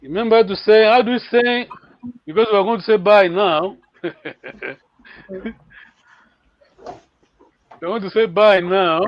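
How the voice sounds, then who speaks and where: Man, language teacher, slow careful speech, encouraging, lo-fi stream audio. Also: sits high, steady tone, no echo. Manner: encouraging, repeats words for learners, hesitant fillers. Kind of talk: live online language lesson.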